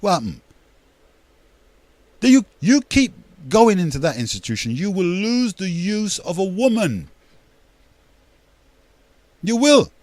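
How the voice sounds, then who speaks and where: A man's voice: high-pitched, sing-song, takes it slowly, pauses often, darkish tone, no room sound. An older man, hosting a radio talk show in a rambling, emphatic monologue that repeats words and addresses listeners as brethren.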